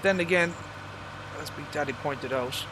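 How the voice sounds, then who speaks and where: A man's voice: a little high, moderate pace, noisy background. An Irish man casually commenting on a farming game he is playing live, rambling through his opinions and swearing at mishaps on screen. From Ireland. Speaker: livestreamer.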